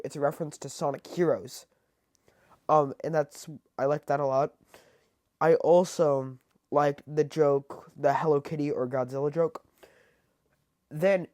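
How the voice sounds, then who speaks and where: A man's voice: a little high, darkish tone, no echo. Guy doing a casual movie review, stumbles and restarts a lot, dry close sound. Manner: halting, with restarts and frequent fillers. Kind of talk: casual spoken film review.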